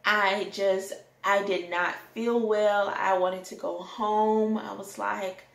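A young adult woman telling a candid personal story in a rant, animated and sometimes breaking into song. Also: medium pitch, slow pace, creaky. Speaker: vlogger. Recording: echoey room.

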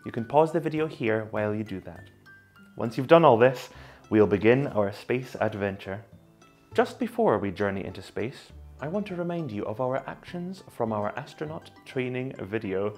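A man's voice: mid-range voice, sing-song, normal speed, darkish tone, faint music behind. A man leading a guided movement lesson for young children, coaxing them through call-and-response in a sing-song way. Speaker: children's movement session leader.

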